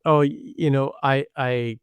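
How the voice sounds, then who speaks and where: A man's voice: medium pitch, fairly even intonation, clear, resonant tone, no echo. A man hosting a podcast interview, chatting casually and repeating words as he gathers his thoughts. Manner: warm, halting, repeats words. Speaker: podcast host.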